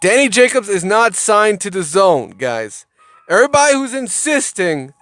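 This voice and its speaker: Guy with a really high voice going off about boxing, cursing a lot, dry sound, quiet music behind. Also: big pitch swings, moderate pace, no echo. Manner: heated, profane, repeats words when worked up. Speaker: boxing commentator. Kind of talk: casual ranting commentary.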